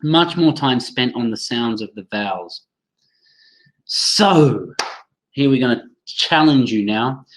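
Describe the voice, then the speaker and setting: A man's voice: medium pitch, expressive, slow, a little hiss or hum, rough recording. A man leading a live online training for teachers over a computer mic, chatty, reacting to viewers' comments and often restarting his sentences.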